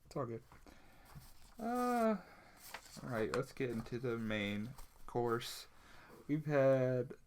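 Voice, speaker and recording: A man in casual conversation, with a voice of ordinary pitch. He rambles, stacks up fillers, and keeps restarting his sentences. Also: lively intonation, takes it slowly, long pauses, slight background noise. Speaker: podcast co-host. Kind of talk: casual chat.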